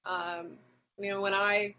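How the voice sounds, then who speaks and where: A woman leading a reading group discussion, thinking aloud with many pauses and restarts, sometimes reading passages aloud. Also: mid-range voice, level tone, bright, forceful tone, muffled recording, a little hiss or hum. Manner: thoughtful, hesitant with many ums and restarts.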